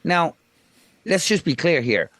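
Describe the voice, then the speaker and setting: A man who came to America from abroad, co-hosting a casual political chat podcast in a wry, measured way, making his points one at a time. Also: fairly high pitch, big pitch swings, fairly bright tone, no room sound. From outside the US, immigrant. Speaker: podcast co-host.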